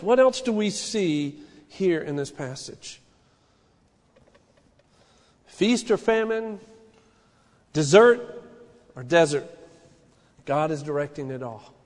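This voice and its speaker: A male pastor preaching with a high, ringing voice that carries through a church sanctuary with a long echo. He moves from hushed, earnest stretches to loud, fervent peaks, pressing his points home to the congregation. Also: animated, measured pace, pauses often. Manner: impassioned, rising and falling preaching delivery. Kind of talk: sermon.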